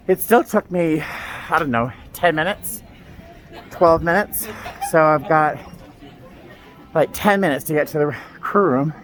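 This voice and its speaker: A man chatting excitedly to his phone camera in a casual travel vlog, self-deprecating and talkative. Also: fairly high pitch, a little slow, pauses often. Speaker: flight attendant vlogger.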